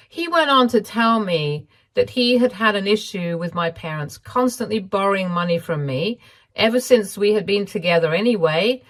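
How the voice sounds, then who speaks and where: A woman reading a first-person story aloud in an even, measured way. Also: medium pitch. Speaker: narrator.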